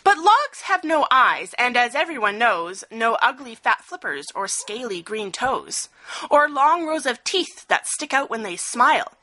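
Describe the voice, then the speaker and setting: A woman reading a rhyming picture-book story aloud, expressive, with a sing-song rhythm. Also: on the high side, a little slow, poor audio.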